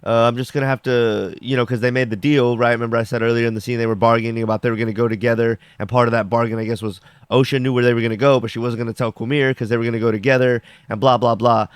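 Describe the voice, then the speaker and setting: A man's voice: mid-range voice, flat delivery, very fast, hardly any pauses, smooth, no echo. Rambling casual man reviewing an episode. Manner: rambling, filler-heavy with frequent "like"; acts out characters' lines while recapping.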